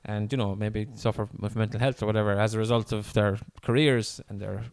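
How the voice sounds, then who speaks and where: A man's voice: fairly low pitch, steady tone, brisk. An Irish man chatting casually on a podcast, telling stories with frequent laughter and some swearing. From Ireland. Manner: laughing storyteller, swears freely. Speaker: podcast co-host.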